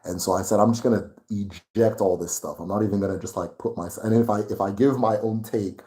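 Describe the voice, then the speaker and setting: A channel host with a Nigerian English accent chats casually on a livestream, getting worked up and laughing a lot as he rants to his viewers. His voice is lowish and warm, with a steady tone and quick pace.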